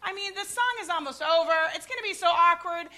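A middle-aged woman preaching a sermon, telling personal stories in an animated way, with sudden shouts and hushed asides. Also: extremely high pitch, quick pace.

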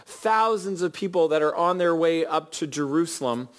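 A man's voice: a little high, animated, normal speed. A male pastor preaching a sermon, telling a story and asking his listeners questions. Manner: earnest, storytelling, addresses the congregation with questions.

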